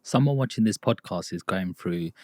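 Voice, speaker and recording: A man hosts a podcast with a lively, up-and-down voice. He jokes and repeats words as he asks questions. The recording is dry and close. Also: low-pitched, normal speed, dry recording. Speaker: podcast host. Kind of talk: podcast interview.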